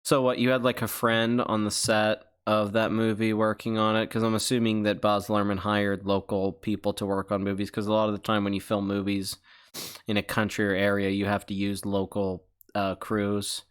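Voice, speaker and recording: A man's voice: fairly low pitch, monotone, normal speed, clean tone. A man hosting a casual livestream, rambling through chat questions with profane joking accusations. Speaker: channel host.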